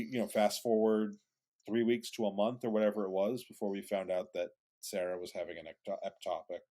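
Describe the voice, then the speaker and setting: A man with a fairly low voice tells a loose, rambling story on a podcast. He restarts his sentences often and swears freely as he talks. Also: darkish tone. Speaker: podcast co-host. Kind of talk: casual conversational storytelling.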